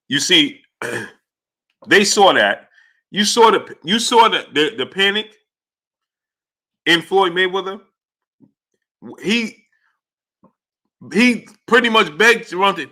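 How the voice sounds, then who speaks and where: Guy hosting a boxing live stream at home, bright sharp voice, keeps saying uh and you understand. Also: on the high side. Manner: repetitive and emphatic, frequent fillers and "you understand?". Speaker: sports talk show host. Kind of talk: live-stream boxing talk, greeting chat viewers.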